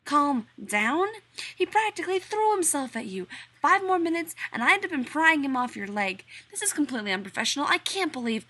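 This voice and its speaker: A woman's voice: sits high, very animated, fairly quick, pushed and bright, voice pushed up, exaggerated voice. A woman voicing an irritable, sarcastic male scientist in an audiobook reading, with huffy, indignant rants. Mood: ranting.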